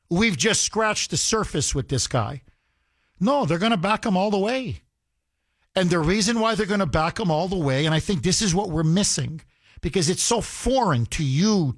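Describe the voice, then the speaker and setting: A man's voice: high-pitched, no echo, studio quality. A man delivering heated political commentary to his audience, emphatic and repeating phrases for effect.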